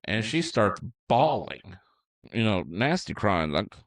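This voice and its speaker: A man's voice: lowish voice, sing-song, slow, recorded from a distance. A middle-aged man co-hosting a podcast, telling rambling, sarcastic stories in casual chat. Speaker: podcast co-host.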